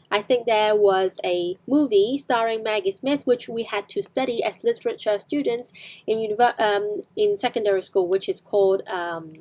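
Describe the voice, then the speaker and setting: Hong Kong woman teaching English, slightly high. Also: a little mellow. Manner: explanatory, with frequent fillers and self-corrections. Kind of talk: online English lesson explaining film clips.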